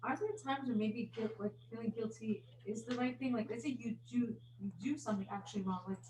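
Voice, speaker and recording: A woman's voice: on the high side, brisk, darkish tone, slight background noise. A woman in a class asking the teacher a hesitant question. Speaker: class participant. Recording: echoey room from a distance.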